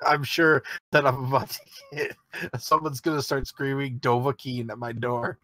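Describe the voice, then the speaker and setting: A man's voice: mid-range voice, little pitch movement, normal speed, pushed and bright, no echo. Joking, swearing podcast co-host man. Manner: swearing, joking, rambling with restarts. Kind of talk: casual chat.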